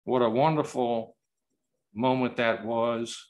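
A man giving an award acceptance speech over a video call, telling a story slowly and haltingly and choking up at times. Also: medium pitch, fairly even intonation, a little mellow. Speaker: award recipient.

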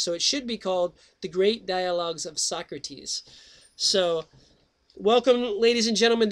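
A man hosting his own comedy healing show, talking in a jokey, rambling way and then reading a book aloud. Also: high-pitched. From United States. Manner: jokey, rambling, with sudden jumps in loudness. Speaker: radio show host.

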